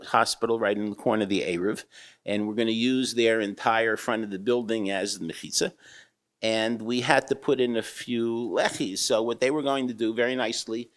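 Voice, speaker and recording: An older rabbi giving a humorous storytelling talk, with a wry manner and acted-out characters. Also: male voice, medium pitch, a bit bright. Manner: wry, anecdotal, acts out characters. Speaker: rabbi and eruv builder speaking.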